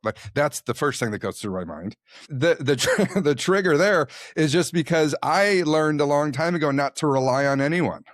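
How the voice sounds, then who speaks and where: A man's voice: medium pitch, no echo, clean studio sound. A man hosting a podcast who speaks reflectively and candidly, often poking fun at himself. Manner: candid, self-deprecating, thoughtful. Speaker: podcast host. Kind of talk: reflective conversational talk.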